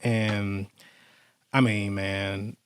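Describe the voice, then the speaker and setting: A man co-hosting a podcast in casual chat, animated and rambling, often restarting his sentences. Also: on the low side, very slow, clean tone. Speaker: podcast co-host.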